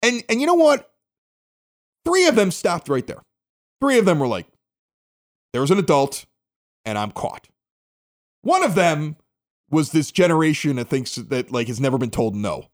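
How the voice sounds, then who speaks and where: A middle-aged man from the Chicago area hosting a local podcast, telling a story casually and acting out the quotes. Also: normal speed. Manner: animated, acts out quotes with big pitch jumps. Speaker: podcast host.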